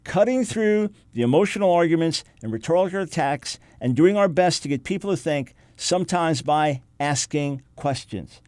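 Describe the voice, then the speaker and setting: Middle-aged guy on a talk radio show, punchy emphatic delivery, slightly high voice, dry close sound. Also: lively intonation, normal speed, hardly any pauses, no room sound. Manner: forceful, emphatic delivery of a list of points. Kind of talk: reading quotes and preaching on air.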